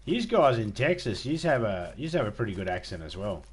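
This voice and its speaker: A man's voice: lowish voice, very animated, fairly quick, slight background noise. An Australian man chatting casually with viewers on a live game stream, rambling, self-mocking and swearing freely.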